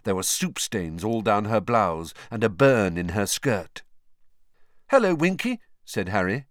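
A man narrating an audiobook in an expressive storytelling manner. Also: fairly low pitch, unhurried, no room sound, clean studio sound. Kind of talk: scripted narration.

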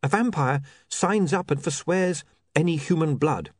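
A man reading an audiobook voices a brisk, sensible young woman who speaks in a quick, matter-of-fact way. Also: fairly high pitch, dry recording, voice pushed up. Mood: explaining.

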